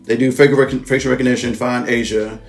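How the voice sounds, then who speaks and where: A man's voice: mid-range voice, flat delivery, fast talker. Male reviewer with a mid-range voice for a casual, rambling plot recap, loose and profane, with faint music behind. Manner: rambling, profane, with frequent self-corrections. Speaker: movie reviewer.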